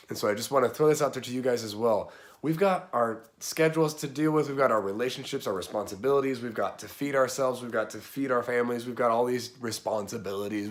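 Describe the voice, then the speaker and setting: A man casually explaining a Bible passage in a relaxed, chatty way. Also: mid-range voice. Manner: relaxed, conversational, chatty slang. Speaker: Bible teacher.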